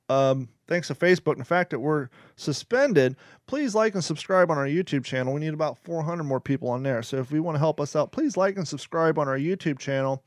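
A man's voice: fairly high pitch, no echo, studio quality. A man hosting a podcast, chatting casually with rambling asides, fillers and jokes. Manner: rambling, joking, many fillers. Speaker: podcast host. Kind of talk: casual chat.

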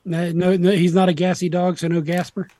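A man's voice: high-pitched, flat delivery, mellow, dry recording, studio quality. A man in a casual chat who teases the others and throws in jokes. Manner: teasing, quick with jokes.

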